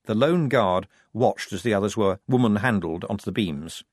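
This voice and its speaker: A man narrating an audiobook in a wry, expressive way. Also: lowish voice, normal speed, no room sound, studio quality.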